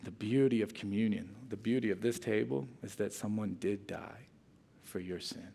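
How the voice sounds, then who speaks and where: A man preaching a sermon as pastor, telling a humorous story and then leading his congregation in quiet, earnest prayer. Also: fairly low pitch, moderate pace, creaky, breathy edge. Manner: storytelling, reads a humorous story aloud with lively emphasis.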